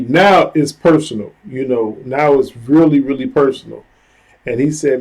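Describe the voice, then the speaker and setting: A man vlogs a personal story in an earnest, conversational tone, leaning heavily on "you know" and "like" and adding lively asides. His voice is medium-pitched and slightly rough at a moderate pace, and the recording is rough.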